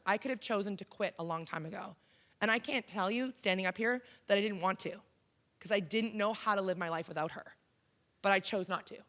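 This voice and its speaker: A woman's voice: mid-range voice, a bit bright. Canadian woman giving a talk, plain chatty voice, lots of ums, speaking to a college crowd. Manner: frank, conversational, many ums. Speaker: keynote speaker. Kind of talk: personal story talk to an audience. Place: college auditorium.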